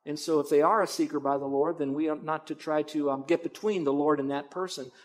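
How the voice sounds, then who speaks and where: A man's voice: on the high side, steady tone, a little fast. Earnest, emphatic male pastor. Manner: earnest and emphatic, swinging between loud stresses and quiet asides. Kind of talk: expository sermon.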